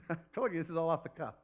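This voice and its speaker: A man's voice: on the high side, narrow, tinny audio. A man preaching a sermon off the cuff as a pastor, chatty and rambling, who often laughs and throws in playful calls.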